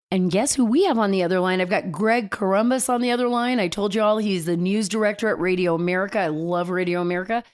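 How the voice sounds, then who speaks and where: A woman hosting a casual talk show, chatty and animated, telling stories with big swings in her voice. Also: mid-range voice, quick pace, few pauses.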